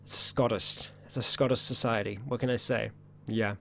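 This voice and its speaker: A man of ordinary pitch hosts a relaxed livestream chat and answers viewers one after another. He sounds upbeat and talkative, laughs easily and trips over his words now and then. His voice sounds a little worn. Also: normal speed, creaky. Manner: chatty and upbeat, laughs often, stumbles and restarts. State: voice getting worn. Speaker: livestream host.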